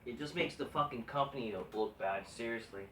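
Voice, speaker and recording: Brisk, pushed and bright, a medium-pitched wrestling vlogger rants profanely and casually about wrestling news, exasperated, rambling and restarting frequently. The sound comes from far off the mic in an echoey room.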